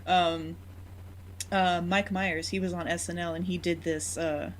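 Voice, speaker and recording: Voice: medium pitch, level tone, unhurried, slight background noise. A podcast co-host in casual chat, amused and hesitant, with many fillers.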